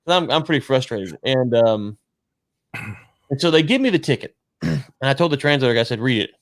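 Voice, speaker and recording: A man's voice: mid-range voice, lively intonation, moderate pace, no room sound, studio quality. A man co-hosting a casual talk show, telling a long story with lots of quoted dialogue and restarts. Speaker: podcast co-host.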